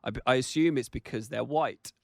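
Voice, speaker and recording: A man's voice: mid-range voice, fairly quick, vocal fry, no echo, studio quality. A young man co-hosting a casual podcast, swearing freely, laughing often and reading listener stories aloud. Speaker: podcast co-host. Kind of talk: casual chat.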